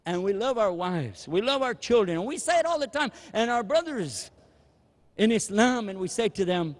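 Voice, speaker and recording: Male preacher, humorous, animated, fairly high voice, long hall reverb. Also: moderate pace. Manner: animated, humorous, acts out dialogue. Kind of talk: sermon.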